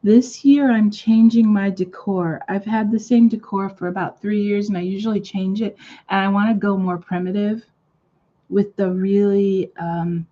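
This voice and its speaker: A woman's voice: medium pitch, level tone, normal speed, dull audio. A woman hosting a live crafting stream, chatting casually and rambling with lots of fillers. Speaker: crafting channel host.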